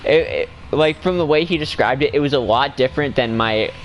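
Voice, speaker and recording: While playing a game, a man chats casually with a friend, rambling, correcting himself as he goes, and laughing often. His voice is medium-pitched and a little fast, with the highs cut off and a little hiss or hum.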